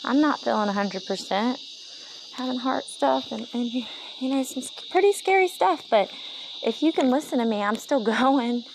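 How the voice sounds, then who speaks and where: A woman's voice: a little high, moderate pace, gravelly, background noise. A tired woman talking through an emotional, rambling podcast monologue with a Valley Girl-ish lilt, recorded on a handheld phone as she paces a yard at night. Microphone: handheld phone while pacing.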